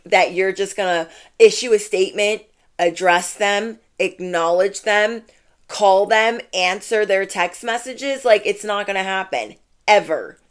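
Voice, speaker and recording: A woman giving a channeled tarot reading, talking casually and bluntly and repeating her points for emphasis. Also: mid-range voice. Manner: emphatic and repetitive, lots of "like". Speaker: tarot reader.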